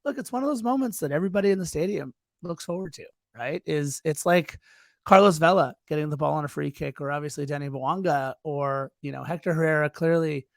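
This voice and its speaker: Co-host, man, high gravelly voice, excitable match retelling, dry sound. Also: a little fast, dry recording. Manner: eager, excitable play-by-play retelling. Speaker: podcast co-host. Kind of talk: casual soccer recap chat.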